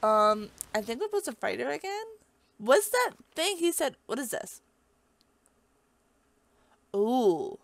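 A young woman commentating on a video game as she plays, chatty and excitable, talking into a desk mic. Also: fairly high pitch, takes it slowly, creaky, long pauses. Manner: excitable, chatty, reads game dialogue aloud. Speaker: let's play host. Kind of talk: casual gameplay commentary.

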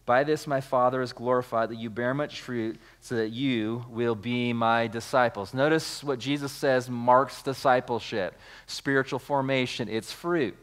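With a mid-range, slightly bright voice, fairly even intonation and a measured pace, a male pastor preaches. After reading a passage of scripture, he unpacks it, repeating words, restarting phrases, building emphasis and urging the congregation to respond.

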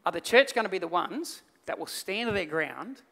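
Animated pastor in a reverberant church. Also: male voice, high voice, moderate pace, creaky. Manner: animated storytelling, acts out voices in the story. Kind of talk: sermon. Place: church hall.

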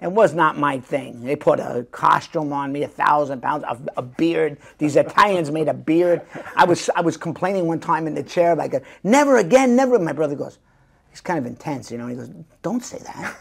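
A middle-aged man with a gravelly, husky voice, chatting as a guest actor. He tells his stories with energy and slips into the voices of the people he quotes. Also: a little high, moderate pace. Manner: animated storyteller acting out quoted voices. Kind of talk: casual storytelling interview.

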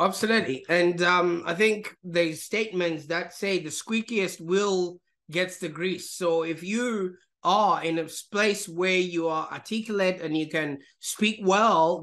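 A man hosts a podcast interview in a high voice. He asks his questions in a loose, rambling way, with plenty of fillers along the way. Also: unhurried, hardly any pauses, fairly bright tone. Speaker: podcast host. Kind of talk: interview questions, casual chat.

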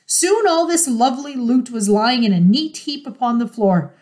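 A woman reading a children's storybook aloud in an expressive, measured way. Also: fairly high pitch. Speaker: storybook reader.

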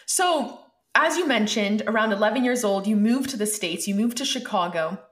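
A woman's voice: medium pitch, expressive, moderate pace, a bit bright, echoey room. A woman hosting an interview, asking encouraging, rambling follow-up questions. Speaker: interviewer host.

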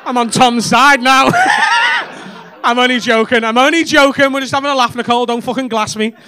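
Cheeky high-voiced comic. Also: male voice, steady tone, a little fast, bright, forceful tone, slight background noise. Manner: cheeky, swearing banter with audience. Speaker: stand-up comedian. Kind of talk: crowd work. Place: comedy club stage. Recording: live comedy club with audience laughter.

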